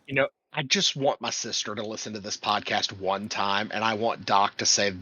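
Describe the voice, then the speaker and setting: A man's voice: fairly low pitch, fairly even intonation, moderate pace, sharp tone. A man co-hosting a casual gaming podcast, bantering and laughing a lot. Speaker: podcast co-host.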